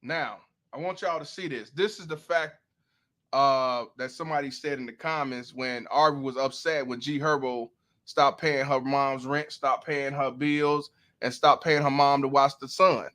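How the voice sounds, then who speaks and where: A man's voice: mid-range voice, fairly even intonation, a bit bright. A man hosting a livestream, commenting on a clip in profane slang and reading out viewer donations. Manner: profane, drawn-out, preachy slang. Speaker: host.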